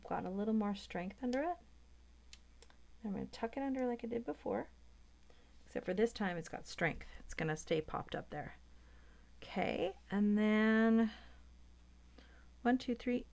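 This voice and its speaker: A woman leads a hands-on craft tutorial in a chatty, think-aloud way. Her voice has a gravelly fry, and she sits at a middling pitch. She often drops to a near whisper while she works. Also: measured pace, long pauses, a little mellow. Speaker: papercraft demonstrator.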